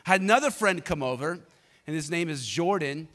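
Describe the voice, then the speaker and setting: Energetic man preaching in a reverberant church. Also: a little high, fairly quick. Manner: energetic, conversational, prompts the congregation to respond. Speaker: pastor. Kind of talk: sermon with personal storytelling.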